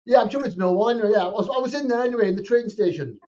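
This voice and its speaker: A man's voice: high-pitched, very fast, mellow, dull audio, a little hiss or hum. A middle-aged man hosting an interview, easygoing and laughing along. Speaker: podcast host.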